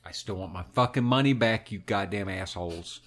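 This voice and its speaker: A man's voice: on the low side, brisk. A man co-hosting a podcast, telling a movie plot in casual, heavily profane chat. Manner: animated, heavy swearing, recounts a film plot. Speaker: podcast co-host.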